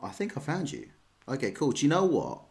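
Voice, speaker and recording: A man's voice: on the high side, wildly swooping pitch, brisk. An English man streaming chess, chatting casually and rambling as he answers viewers' questions. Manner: chatty, rambling, self-deprecating.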